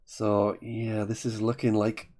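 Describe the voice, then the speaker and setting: A man calls a word game live, thinking aloud as he goes and often stopping to correct himself. His voice sits fairly low, with a soft, mellow tone. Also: monotone, slow pace. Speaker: Scrabble commentator.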